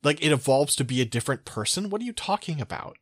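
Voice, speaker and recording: A man co-hosting a casual podcast, his pitch swinging up and down as he talks. He has a dry, sardonic humor and often reads passages aloud. The sound is close and dead, with no room around it. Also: big pitch swings, fast, dry recording. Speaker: podcast co-host.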